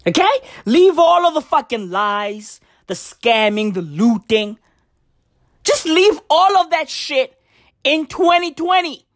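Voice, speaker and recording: A woman delivering a profane comedic rant to camera, full of slang like "bruv" and "fam," with sudden shouted outbursts and big leaps in pitch. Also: big pitch swings, slow, no echo, studio quality. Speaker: comedic vlogger.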